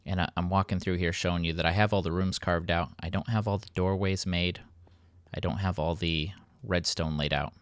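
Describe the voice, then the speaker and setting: A man's voice: low voice, fairly even intonation, a little fast, dry recording, clean studio sound. A man hosting a casual gameplay commentary, rambling and poking fun at himself. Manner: rambling, self-mocking, playful. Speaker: let's play host.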